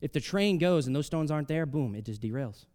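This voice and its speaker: A man preaching a sermon, reading scripture aloud and explaining it in a conversational way, swinging between loud emphatic rises and soft drops. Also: fairly high pitch, animated, fairly quick. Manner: reads scripture aloud, then explains it casually with fillers.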